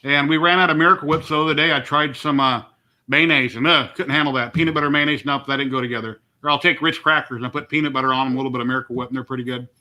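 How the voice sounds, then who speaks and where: Bright-voiced easygoing middle-aged man. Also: mid-range voice, fairly even intonation, very fast. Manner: rambling, easygoing, chatty. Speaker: livestream host. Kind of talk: casual live-stream chat. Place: home.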